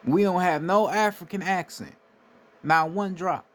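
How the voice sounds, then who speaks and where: A man's voice: sits high, a little slow, fairly bright tone. A man from the United States giving a casual, emphatic monologue, swearing freely and often asking "right?" to drive his points home. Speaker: spiritual commentator.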